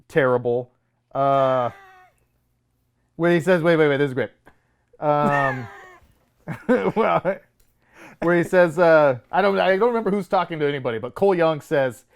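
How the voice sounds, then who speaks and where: A man's voice: a little high, moderate pace, clear, resonant tone. A man co-hosting a movie review show, mocking the film in casual debate and laughing often.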